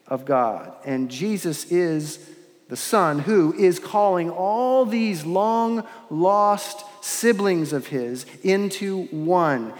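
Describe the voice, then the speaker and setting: Male preacher, fairly high voice, earnest measured sermon, long cathedral reverb. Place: large church with long reverb.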